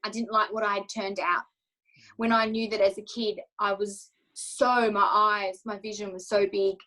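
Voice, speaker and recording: A confidence coach, interviewed as a guest, tells her personal story emotionally and candidly, acting out her own inner thoughts. Her voice is medium-pitched, level and bright, forceful at a normal speed, on a rough recording.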